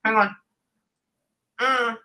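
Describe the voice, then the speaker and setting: A woman giving a casual reading as a psychic medium, halting often to listen and sometimes dropping into soft near-whispers. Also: fairly high pitch, fairly even intonation. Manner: halting, keeps breaking off to listen. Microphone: recorded session.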